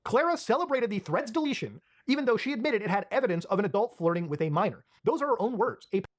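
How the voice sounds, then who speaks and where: A narrator reading a documentary voice-over in a brisk, lively delivery. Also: mid-range voice.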